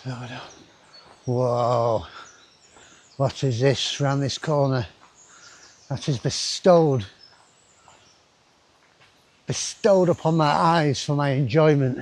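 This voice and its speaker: A man's voice: mid-range voice, fairly even intonation, slow, long pauses. A man, chatting casually to his camera as he walks through a river gorge outdoors, rambling with asides to himself. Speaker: travel vlogger. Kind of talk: casual walking commentary.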